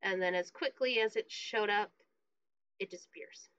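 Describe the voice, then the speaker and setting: A woman running a tabletop role-playing game as game master, narrating in a calm, laid-back way. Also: mid-range voice, normal speed, no room sound, dull audio.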